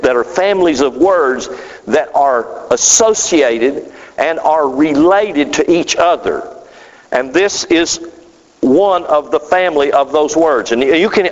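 A man preaches a sermon with emphatic, drawn-out phrasing and sudden swings up and down in pitch. The sound is dull, with long hall reverb.

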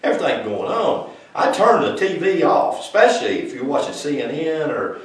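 A man preaching an informal sermon, moving between loud emphatic passages and quiet explanation, with folksy grammar. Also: a little high, big pitch swings, moderate pace. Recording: echoey room, mic far off.

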